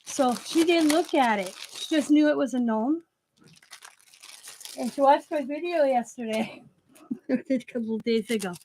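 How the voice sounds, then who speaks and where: A chatty middle-aged woman with a slightly high voice talks loosely through a crafting session, laughing and restarting her thoughts as she goes. Faint noise hums behind her. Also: unhurried, long pauses, a little mellow. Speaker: crafting channel host. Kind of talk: casual crafting chat.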